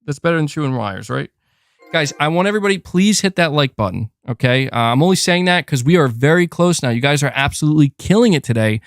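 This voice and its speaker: Speaking fast with lively intonation, a man with a slightly high voice hosts a casual gaming livestream close to his desk mic. The audio has no echo, and he chats loosely, often stopping to coax his cat.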